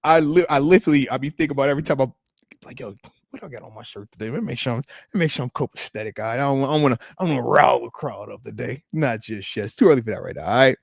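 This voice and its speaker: A man's voice: medium pitch, very fast, vocal fry, dry recording, studio quality. A man in his thirties hosting a live show, chatting casually in slang, teasing commenters and calling them man. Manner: animated, slangy, teasing, says man a lot. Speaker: live show host, retired football player. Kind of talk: casual live-stream chat reading comments.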